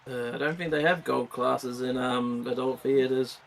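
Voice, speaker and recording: A man's voice: mid-range voice, fairly even intonation, moderate pace, gravelly. A man chatting casually on a gameplay stream, rambling and restarting his sentences with frequent giggles. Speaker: streamer co-host.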